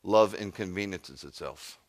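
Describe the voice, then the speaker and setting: A man's voice: low-pitched, a little slow. A middle-aged man, a rabbi, giving a sermon with emphatic, intense storytelling.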